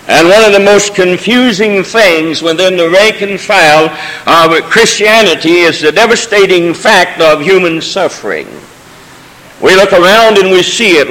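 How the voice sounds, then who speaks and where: A man's voice: high-pitched, a bit bright. Man preaching in a reverberant church. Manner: preaching with folksy asides and rising emotional cadences. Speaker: pastor. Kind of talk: sermon. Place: church sanctuary during a service. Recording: long reverb of a church hall.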